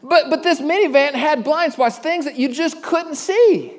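A middle-aged pastor preaching a sermon, conversational, with frequent stammered restarts and questions to the congregation. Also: male voice, extremely high pitch. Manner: asks the congregation questions and pauses for answers.

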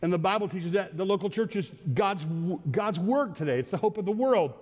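A pastor preaching an earnest sermon, dropping low and soft for quoted words and rising for exhortation. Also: male voice, lively intonation, a little fast. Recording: long hall reverb.

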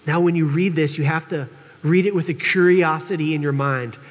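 A man's voice: fairly high pitch, moderate pace. A man preaching as a pastor in a conversational sermon, candid and joking, talking straight to his congregation. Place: church sanctuary. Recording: dull recording with long church reverb.

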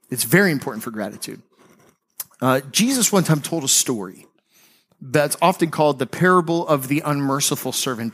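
A man preaching a sermon as a pastor, telling a Bible story in a casual, animated way with slangy asides. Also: fairly high pitch.

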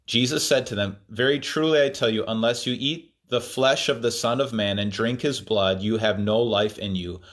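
A man preaching a sermon in a voice of ordinary middle pitch. He reads scripture aloud, then pauses to explain it in a thoughtful, searching way. His talk is full of ums and self-corrections. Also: a bit bright. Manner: thoughtful, many fillers and restarts.

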